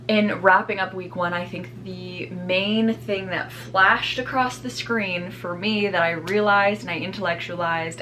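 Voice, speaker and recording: A woman's voice: on the low side, fairly bright tone. A young woman vlogging in a casual, reflective way, with many fillers like "like" and "um". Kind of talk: casual vlog chat. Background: background music.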